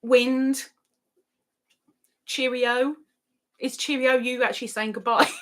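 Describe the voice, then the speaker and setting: A woman's voice: high voice, fairly even intonation, a little slow, pauses often. A woman hosting a casual live stream, chatting and reading out viewer comments with frequent laughs. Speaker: livestream host. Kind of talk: casual live-chat talk.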